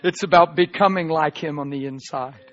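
A pastor preaching a sermon, swinging from loud emphatic proclamations to hushed asides. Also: male voice, a little high, normal speed, highs cut off.

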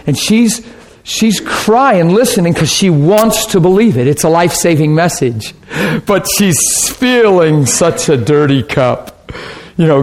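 Storytelling man pastor, slightly high voice. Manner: storytelling, animated, laughs often. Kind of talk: informal teaching talk.

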